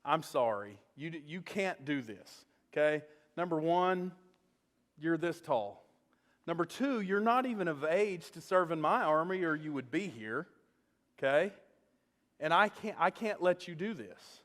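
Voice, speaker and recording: A man's voice: a little high, expressive, unhurried, fairly bright tone, in a large hall. A man voicing a worried king who hesitantly and apologetically refuses a young volunteer.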